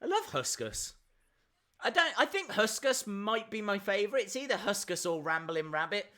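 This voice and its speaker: A man's voice: high-pitched, sing-song, normal speed, bright, forceful tone. A man hosting a live reaction stream, chatting and answering viewer questions as they come in.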